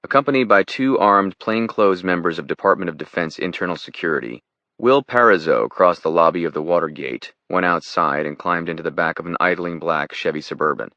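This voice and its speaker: Very deep-voiced male narrator. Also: fairly quick, sharp tone, no echo, lo-fi sound. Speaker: audiobook narrator. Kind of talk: scripted thriller narration.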